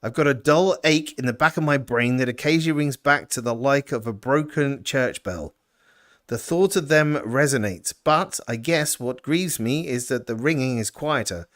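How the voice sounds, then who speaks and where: A man's voice: mid-range voice, lively intonation, unhurried, natural voice. A man putting on a weary grieving frontier man. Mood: melancholy. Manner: folksy, rough put-on rural accent.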